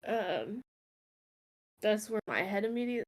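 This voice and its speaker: A woman's voice: mid-range voice, sing-song, normal speed. A woman player on a voice call, thinking aloud in a rambling, joking way. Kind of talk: casual tabletop chat. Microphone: home mic on a video call.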